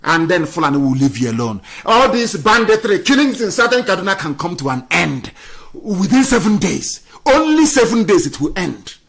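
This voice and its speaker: A man delivering an impassioned political radio address, scornful and fiery, swinging between loud outbursts and quiet asides. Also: sits high, big pitch swings, moderate pace, creaky. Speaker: radio broadcaster.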